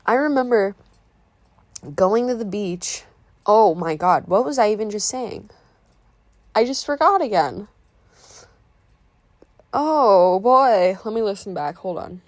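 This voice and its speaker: A woman's voice: mid-range voice, animated, measured pace, pauses often, darkish tone, dry recording. Sentimental woman in her twenties, chatty painting voiceover, rambling and self-interrupting, dry close sound. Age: 20s. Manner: openly emotional and sentimental. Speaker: art vlogger narrating a painting video. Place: voice-over recorded apart from the painting footage.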